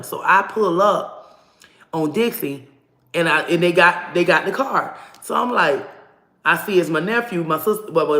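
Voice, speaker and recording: A woman telling a personal story to camera in a casual, animated way, swearing freely and acting out what people said. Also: low voice, roomy sound. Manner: animated, profane, acts out dialogue.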